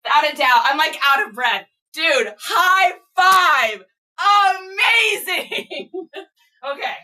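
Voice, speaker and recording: A woman reseller chatting casually to viewers, gushing and excitable as she unboxes items. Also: high voice, slow pace, recorded from a distance. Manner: gushing, excitable, squeals and laughs. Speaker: reseller vlogger.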